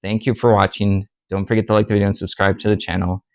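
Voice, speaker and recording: A man's voice: lowish voice, little pitch movement, fast, darkish tone, no echo. A young man, the host of a reseller channel, chatting casually about his sales in a rambling, easygoing way with lots of fillers. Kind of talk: casual chat reviewing sales.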